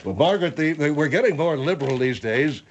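A man's voice: a little high, lively intonation, a little fast, highs cut off, slight background noise. A man playing a rambling, defensive male studio regular who chimes in with asides.

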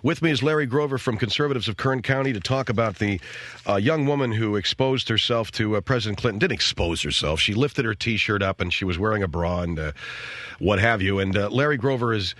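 A man hosting a comedic radio talk show, brisk and wry, with mock-grand announcements. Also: fairly low pitch, fairly bright tone, no echo.

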